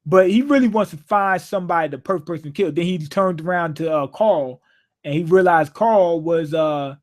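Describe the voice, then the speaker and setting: A man with a high voice talks through a TV episode in a casual, rambling way. He jokes, circles back and repeats himself as he goes. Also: normal speed. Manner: joking, loose and conversational, repeats himself. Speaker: show reviewer.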